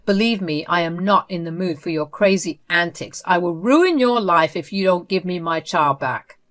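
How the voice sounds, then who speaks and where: A woman's voice: on the low side, lively intonation, normal speed, close to an everyday voice. A woman voicing a furious young mother who speaks in an angry, threatening way. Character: furious young mother confronting her child's abductor.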